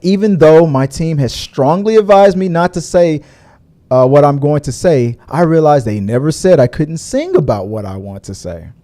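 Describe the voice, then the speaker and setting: A man hosting a relaxed online chat show, his voice sitting a little high for a man and swinging widely in pitch. He talks loosely, laughs often and jumps into squeaky mocking voices to make a point. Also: moderate pace. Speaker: podcast host. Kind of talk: casual chat.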